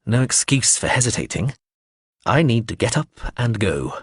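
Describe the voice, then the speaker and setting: A man's voice: mid-range voice, big pitch swings, moderate pace, breathy edge, no echo, studio quality. A man narrating an audiobook in the first person, in a wry, fretful inner-monologue manner.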